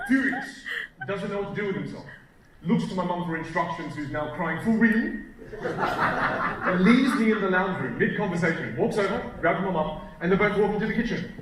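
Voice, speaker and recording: A man's voice: sits high, very animated, normal speed, pauses often, recorded from a distance, noisy background. A man in his thirties gives a keynote as a self-deprecating, playful storyteller in a large hall. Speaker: keynote speaker. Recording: echoey hall, crowd laughter.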